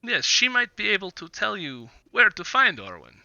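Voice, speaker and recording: A smug male merchant who talks down to others, stumbling over fillers as he schemes, as a game master puts him on. His voice is forceful and bright, with a lively, swooping pitch. It sounds dry and slightly dull, like lo-fi stream audio. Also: normal speed, vocal fry, no room sound, heavily acted. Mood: patronizing. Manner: hesitant, filler-heavy, patronizing.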